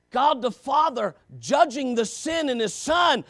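A man preaching with a fairly high, gravelly voice. He drops low and quiet, then rises to shouted emphasis and piles up rhetorical questions. The sound is dry and close. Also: expressive, slow, pauses often, no echo. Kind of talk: sermon.

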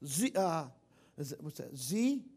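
A man's voice: on the high side, big pitch swings, unhurried, darkish tone, slightly rough. A man preaching a sermon in church, emphatic and repetitive, often questioning the congregation. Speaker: pastor.

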